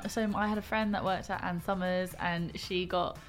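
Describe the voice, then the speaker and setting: A woman's voice: lowish voice, steady tone, normal speed, soft background music. A young woman talking frankly and animatedly in casual chat as a guest, laughing often as she tells stories. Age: young adult. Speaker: podcast guest.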